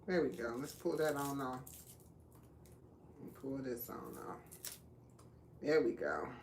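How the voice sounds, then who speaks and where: A woman's voice: a bass voice, sing-song, slow, darkish tone, slight background noise. Chatty woman cooking live. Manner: chatty, laughs often, talks to viewers as y'all. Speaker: live cooking stream host. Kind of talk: casual live cooking chat. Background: clinking dishes and cutlery.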